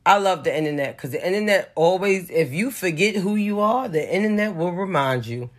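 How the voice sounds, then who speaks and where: A woman's voice: on the low side, lively intonation, fairly quick. Woman commentator, blunt and foul-mouthed, sarcastic, opinionated, casual vlog delivery. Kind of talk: casual pop-culture commentary.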